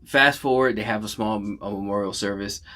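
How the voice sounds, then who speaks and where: A man's voice: fairly low pitch, fairly quick, sharp tone. A man, maybe in his thirties, giving a casual, emotional movie reaction, rambling through his retelling with lots of fillers and restarts.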